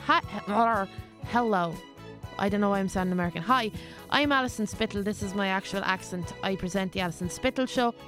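A woman's voice: mid-range voice, a bit bright. A woman podcaster recording a playful, self-mocking promo spot. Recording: music playing behind.

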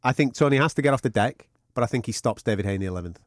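A man's voice: medium pitch, rapid-fire, no echo, studio quality. A man, a podcast host and radio commentator, trading teasing, sweary banter. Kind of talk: casual podcast chat.

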